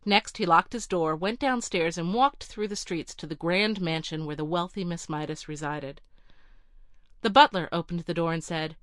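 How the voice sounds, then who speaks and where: A woman narrating a storybook in a measured, clear reading. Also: on the low side, a bit bright, dry recording, studio quality.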